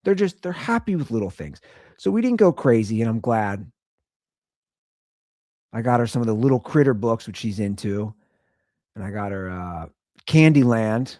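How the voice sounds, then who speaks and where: A man's voice: lowish voice, very animated, normal speed, long pauses, mellow, no room sound, clean studio sound. A young man hosting a casual solo podcast, rambling about family life. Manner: rambling, chatty, swings between sing-song and mumbling. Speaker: podcast host.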